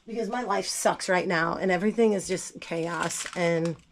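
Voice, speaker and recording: A woman's voice: on the low side, moderate pace, slight background noise. A woman with a cold making tea in her home kitchen, talking casually and bluntly to the camera with self-mocking asides. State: sick, voice not at its best. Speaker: gardening vlogger. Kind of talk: casual kitchen how-to chat.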